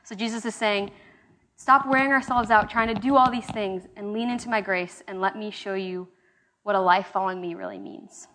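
A woman's voice: mid-range voice, steady tone, normal speed, fairly bright tone, a little hiss or hum. A young woman giving a casual, conversational Bible study talk, with fillers and restarts. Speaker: small-group Bible study leader. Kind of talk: casual sermon teaching.

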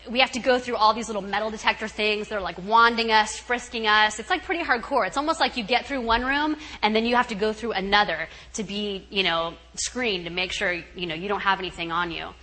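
A woman guest speaker telling a story at a retreat in an animated, chatty way, full of "you know" and "right". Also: medium pitch, brisk, hardly any pauses, low-quality recording.

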